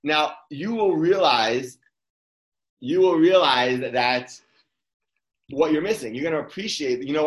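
Speaking a little slowly with long pauses, a man with a slightly higher voice offers an informal Torah talk in an echoey room. His delivery is conversational, with frequent restarted sentences.

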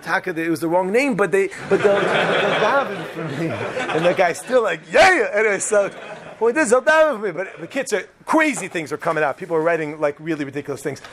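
High-voiced man telling a lively story. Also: fairly quick. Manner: animated, chatty, restarts sentences, mixes in Hebrew terms. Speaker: speaker giving Torah talks. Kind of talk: humorous personal storytelling talk.

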